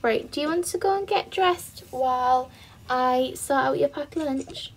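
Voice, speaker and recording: Woman as a gentle, coaxing mother; higher voice, toy role-play. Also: unhurried. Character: caring mother hurrying her daughter.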